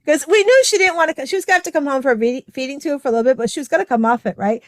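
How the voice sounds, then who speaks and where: A woman's voice: sits high, lively intonation, racing, dry recording. A middle-aged woman hosting a podcast, telling a personal story in a chatty way with lots of fillers. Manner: chatty, many fillers, acts out quoted voices. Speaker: podcast host. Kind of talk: casual conversational storytelling.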